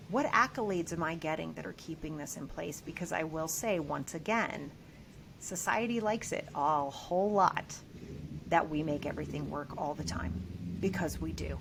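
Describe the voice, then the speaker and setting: A woman talks as a guest in a casual podcast chat, her voice sitting fairly low. She speaks with emphatic, animated energy and swears without hesitation. A faint hiss sits under the recording. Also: normal speed. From United States.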